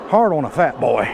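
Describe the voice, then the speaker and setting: A middle-aged man with a drawl talks slowly and a little high, puffing for breath as he rides. His folksy remarks come through a camera mic on a stick. Wind and road noise sit clearly behind him. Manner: folksy, slow drawl with rural Southern phrasing. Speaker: vlogger riding an e-bike. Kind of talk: casual ride commentary. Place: outdoors on a road, riding uphill. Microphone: action camera mounted on a stick. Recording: outdoor wind and traffic noise.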